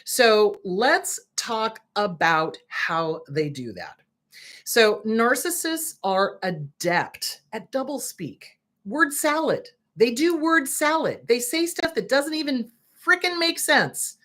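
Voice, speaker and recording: A woman's voice: fairly high pitch, big pitch swings, slow pace, a bit bright. A woman therapist hosting a talk show, speaking bluntly and with indignation, swearing freely as she comments. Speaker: host, therapist. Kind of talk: direct-to-camera commentary.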